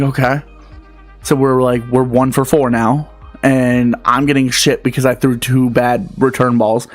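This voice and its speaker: A man in his twenties telling a story as a rant, animated and profane, with lots of filler words. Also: medium pitch. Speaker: vlogger.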